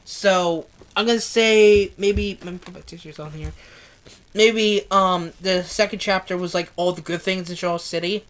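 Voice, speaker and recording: A woman's voice: on the low side, fairly even intonation, moderate pace. A young woman reading a novel aloud, emotional and often swearing as she reacts. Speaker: book reader.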